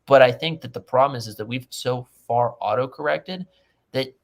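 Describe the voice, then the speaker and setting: A man speaking as a guest on a video-call panel chat, explaining in an earnest way with quick restarts. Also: medium pitch, creaky. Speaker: podcast guest.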